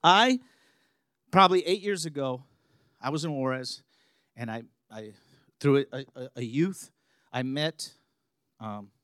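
A man preaching a sermon, telling stories and building to loud, emphatic passages. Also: medium pitch, a little slow, long pauses, smooth, no room sound, clean studio sound.

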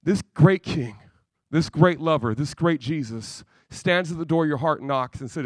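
A man's voice: on the high side, lively intonation, normal speed, fairly bright tone, no echo. A man preaching a sermon with passion and breaking into humorous asides.

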